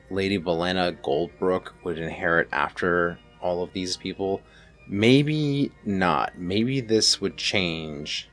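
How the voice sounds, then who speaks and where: A man's voice: sits low, a bit bright. A man giving let's-play commentary on a strategy game, musing aloud and playfully villainous. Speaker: gameplay commentator.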